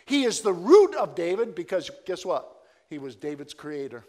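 Animated preacher man, high lively voice. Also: normal speed, in a large hall. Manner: animated, swinging between loud proclaiming and hushed asides. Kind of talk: sermon.

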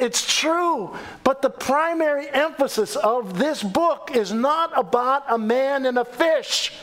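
Guy preaching, pretty high voice that swings all over, animated storyteller. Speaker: pastor. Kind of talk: sermon.

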